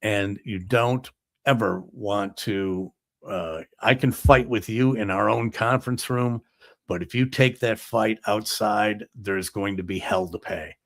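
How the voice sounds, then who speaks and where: A man's voice: fairly low pitch, fairly even intonation, a little slow, fairly bright tone, dry recording, clean studio sound. A man hosting a talk show, retelling film scenes in a rambling, casual monologue full of fillers.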